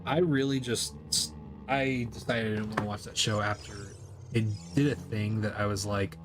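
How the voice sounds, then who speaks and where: A man's voice: fairly low pitch, fairly even intonation, normal speed, over music. A man streaming a game, chatting casually in a rambling, profane way and laughing often. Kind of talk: casual chat while gaming.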